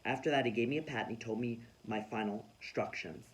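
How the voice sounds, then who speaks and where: A man reading a children's storybook aloud in a lively, expressive way. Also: medium pitch, quick pace, low-quality recording. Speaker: children's book reader.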